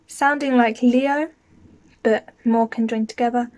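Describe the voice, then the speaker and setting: A woman teaching a language lesson, explaining each word slowly and saying it twice for the learner to repeat. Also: fairly high pitch, fairly even intonation, a little mellow. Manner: patient, says each word twice clearly. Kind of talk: slow, clear lesson with repeat-after-me drills.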